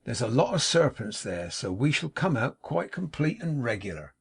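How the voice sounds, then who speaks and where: A man's voice: medium pitch, very animated, moderate pace, creaky, slightly rough, exaggerated voice. A man voicing a cheerful, ever jolly working-class manservant with a chirpy way of talking. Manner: chirpy, brightly drawn out dialect.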